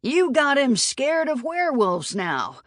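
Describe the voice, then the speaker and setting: A woman putting on a rough frontier gunman who cackles and taunts. He sits high and sharp above the narration, mocking the younger man. The audiobook sound is close and dry. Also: sing-song, slow pace, no room sound, full character voice.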